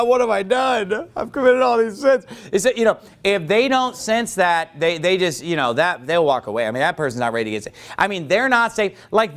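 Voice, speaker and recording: A man preaching a sermon as pastor, animated, acting out quoted voices and often restarting. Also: sits high. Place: church.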